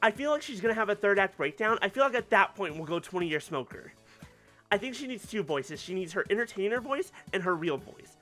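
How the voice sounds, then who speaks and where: Chatty, bright-voiced game streamer. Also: mid-range voice, animated, brisk, faint music behind. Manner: chatty, rambling, laughs often. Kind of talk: casual let's-play commentary.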